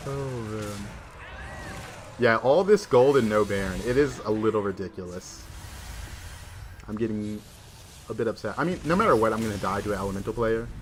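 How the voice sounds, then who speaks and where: Man, Southern US accent, casual livestream commentary, lowish voice. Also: lively intonation, normal speed, long pauses, slight background noise. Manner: chatty, filler-heavy with "like". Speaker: game streamer.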